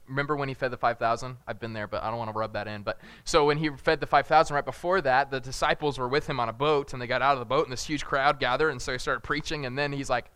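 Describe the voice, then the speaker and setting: A man's voice: mid-range voice, pushed and bright, clean tone, no echo. A young man giving a casual, jokey sermon, acting out characters with big jumps in his voice. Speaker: preacher.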